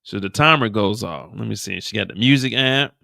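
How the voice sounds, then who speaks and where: A man hosting a live after-show, recapping a TV episode with animated, profane storytelling. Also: fairly low pitch, fairly quick, creaky. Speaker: host.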